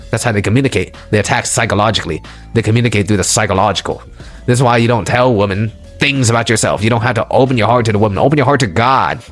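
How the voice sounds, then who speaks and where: A man giving a motivational audio lecture, emphatic and preachy, repeating his points for stress. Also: mid-range voice. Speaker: lecturer on relationships.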